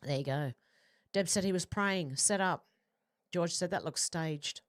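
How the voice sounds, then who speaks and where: Chatty woman reading out viewer comments. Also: on the low side. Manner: chatty, quick asides between comments. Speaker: livestream host.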